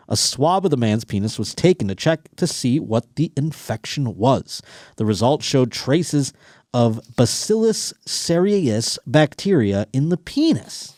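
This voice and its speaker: A man hosting a podcast in casual comedic chat, crude and animated, swearing constantly and mocking the stories he reads. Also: mid-range voice, no room sound, studio quality. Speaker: podcast host.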